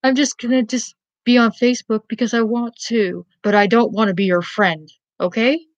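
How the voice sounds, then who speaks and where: A woman's voice: on the high side, fairly even intonation, moderate pace, dry recording, lo-fi sound. A woman vlogger rambling bluntly to camera in a profane rant, often asking "you know what I mean?".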